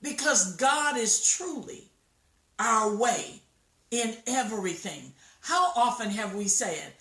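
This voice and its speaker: A woman preaching a sermon, telling a story slowly and emphatically and acting out the quotes. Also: on the high side, lively intonation, sharp tone. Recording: echoey room, voice from far off mic.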